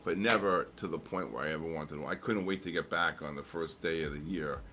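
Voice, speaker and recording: A middle-aged man with a very deep, low voice tells rambling stories between trades on a live stream, full of "um"s and restarts. Faint music plays underneath. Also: a little fast. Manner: rambling storyteller, many fillers and restarts. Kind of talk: casual chat.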